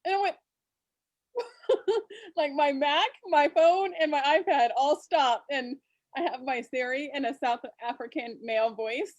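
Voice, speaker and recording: A woman's voice: sits high, unhurried, no room sound, dull audio. A woman co-hosting a talk show, telling little anecdotes and giggling through them. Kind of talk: casual chat.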